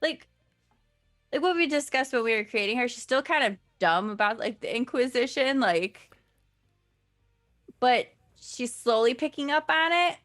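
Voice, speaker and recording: A woman's voice: high voice, animated, normal speed, long pauses, a bit bright, no room sound, studio quality, faint music behind. A woman player in a tabletop game, chatty and filler-heavy. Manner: chatty, lots of "like". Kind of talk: tabletop role-play.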